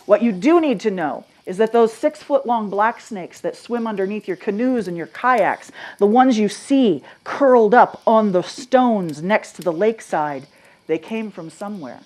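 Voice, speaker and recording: A woman from Maine telling ghost stories live to an audience, dropping to a hush and then rising loud and animated, asking the crowd questions. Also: medium pitch, moderate pace. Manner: dramatic, swings from hushed to loud and animated. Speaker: storyteller.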